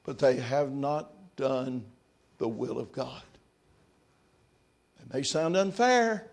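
A man preaching a sermon, reading scripture aloud and then commenting on it in quieter, reflective asides. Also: medium pitch, big pitch swings, takes it slowly, creaky.

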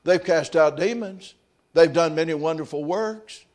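A man preaching a sermon, reading scripture aloud and then commenting on it in quieter, reflective asides. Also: a little high, unhurried.

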